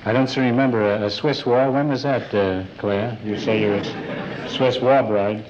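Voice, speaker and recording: A man hosts a quiz show and fires off teasing puns and quick asides at his contestants. His voice comes through a muffled old broadcast recording. Heavy hiss runs under every word. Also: on the low side, steady tone. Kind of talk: wisecracking quiz show banter. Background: studio audience laughter.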